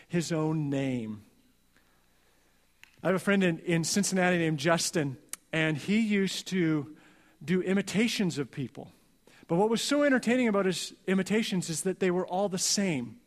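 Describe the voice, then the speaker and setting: A male pastor preaching a sermon earnestly, going soft and slow on key lines. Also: sits high. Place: church sanctuary. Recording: long reverb of a church hall.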